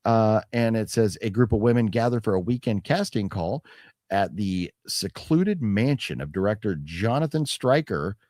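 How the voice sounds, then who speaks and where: A man's voice: fairly low pitch, expressive, moderate pace, darkish tone, no room sound, clean studio sound. A man hosting a casual chat about a movie haul, rambling with restarts and reading chat comments aloud. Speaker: show host.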